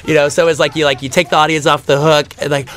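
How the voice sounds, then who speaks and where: A man's voice: fairly high pitch, level tone, fast, fairly bright tone, slight background noise. A man giving a casual audio commentary on a film, rambling with many fillers and restarts and acting out audience reactions in a raised voice.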